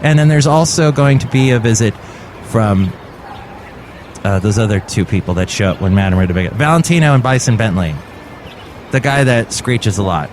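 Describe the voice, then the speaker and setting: A man's voice: fairly low pitch, lively intonation, moderate pace, background noise. A man hosting a comedy podcast, rambling through sarcastic, goofy asides. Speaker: podcast host.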